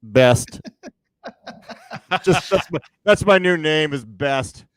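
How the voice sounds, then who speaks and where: A man co-hosting a podcast in casual chat, excitable and quick to swear. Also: fairly high pitch, dry recording. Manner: excitable, swearing, fast bursts. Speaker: podcast co-host.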